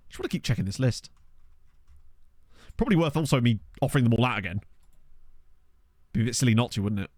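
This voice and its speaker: A man's voice: medium pitch, dry recording, studio quality. A man live-streaming a management game, chatting casually, thinking aloud and swearing now and then. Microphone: desk condenser microphone.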